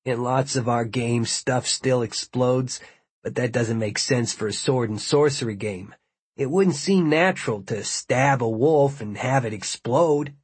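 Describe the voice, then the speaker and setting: A man's voice: medium pitch, unhurried, breathy edge, no echo. A man voicing a plain-spoken, worried young man who asks hesitant questions.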